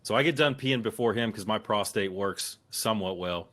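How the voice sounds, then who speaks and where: Profane, animated man telling stories. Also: fairly low pitch, normal speed. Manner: animated, profane anecdote-telling with acted-out quotes. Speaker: occasional co-host. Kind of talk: casual podcast storytelling.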